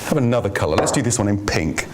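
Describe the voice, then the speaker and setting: A man's voice: lowish voice, fast. Male workshop trainer, playful and engaging, recorded with background noise. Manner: lively, jokey, asks the audience. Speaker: business trainer. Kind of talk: workshop presentation. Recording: noisy room recording.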